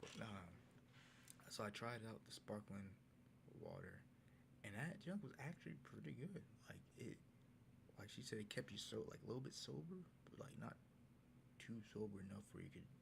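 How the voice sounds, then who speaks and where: A young man tells a relaxed, slangy story in a low, gravelly voice. He keeps it loose and chatty and acts out the lines of the people in it. A steady noisy hiss sits under the recording. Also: fairly quick. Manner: laid-back slangy storytelling, acts out quotes. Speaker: vlogger. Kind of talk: casual storytelling recap.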